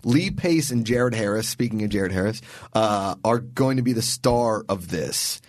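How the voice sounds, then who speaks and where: A man's voice: fairly low pitch, expressive, a little slow, no room sound, clean studio sound. A man co-hosting a podcast in casual chat, rambling and joking as he talks through films and actors. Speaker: podcast co-host.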